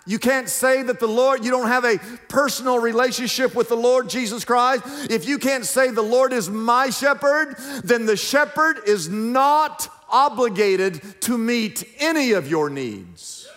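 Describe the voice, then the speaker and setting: Male pastor, high voice, emphatic sermon delivery, church hall reverb. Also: animated, measured pace, few pauses, a bit bright. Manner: emphatic preaching, rhetorical questions to congregation. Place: church sanctuary.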